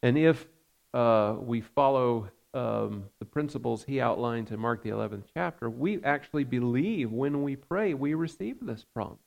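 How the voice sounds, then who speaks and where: Male pastor, sermon, mid-pitched gravelly voice, earnest and unhurried. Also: animated, lo-fi sound. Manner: earnest, measured preaching with frequent fillers.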